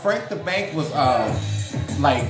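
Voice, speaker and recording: Over loud music in an echoey room, a thirtysomething vlog host speaks slowly and expressively in a voice on the high side. He tells a gossipy story in a loose, chatty style, cursing often and filling gaps with fillers.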